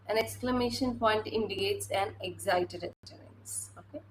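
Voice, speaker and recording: A woman's voice: mid-range voice, moderate pace, hardly any pauses, slight background noise, rough recording. A woman teacher giving a classroom lecture, hesitant, with many fillers and restarts.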